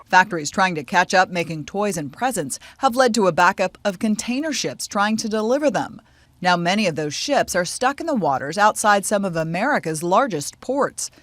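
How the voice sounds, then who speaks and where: A correspondent narrates a packaged network news report in an even, mid-pitched voice. The delivery is measured and scripted, typical of a national news segment. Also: no echo.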